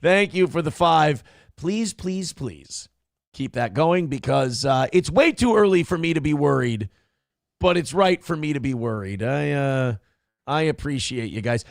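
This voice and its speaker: A man hosts a casual political morning show, profane, sarcastic and rambling. His slightly high voice has a gravelly fry. It sounds close and dry. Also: sing-song, moderate pace, no echo.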